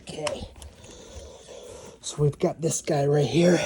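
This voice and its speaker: A man vlogging casually, out of breath, halting with frequent pauses and sighs. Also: a little high, steady tone, mellow. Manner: halting, pausing often, sighing. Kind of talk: casual vlog narration.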